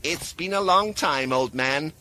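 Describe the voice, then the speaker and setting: Guy doing a bossy ageless mage lady, sharp, sweet-mean, swoops up and down. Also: high voice, very animated, normal speed, voice pushed up, full character voice. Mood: wry. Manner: commanding and sly. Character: imperious ageless female tower master mage, sharp, teasing.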